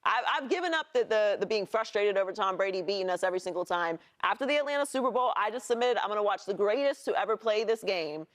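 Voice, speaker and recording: A woman on a televised sports panel argues her point at a brisk clip. She hammers it home with repetition, at a middle pitch. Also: animated. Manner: emphatic, repetitive, rapid. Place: TV studio.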